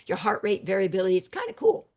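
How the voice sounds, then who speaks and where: An older woman, a psychiatrist and psychotherapist, describes her therapy work on a video call interview, speaking in a mid-range, gravelly, husky voice. She is animated and emphatic, with some vocal fry and a breathy edge, and frequently veers off into quick asides.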